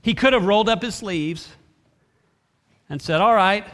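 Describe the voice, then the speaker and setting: This man preaches as a pastor in a high, unhurried voice, reading scripture aloud. His style is expressive, with quick acted-out lines from biblical characters, and the hall around him is reverberant.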